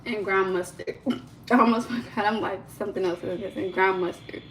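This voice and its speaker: Young woman, casual livestream host, animated and rambling, mid-range voice, faint background hum. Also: mid-range voice, brisk, poor audio. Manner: chatty and animated, lots of "like" fillers, laughs often. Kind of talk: casual live-stream chat. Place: home kitchen.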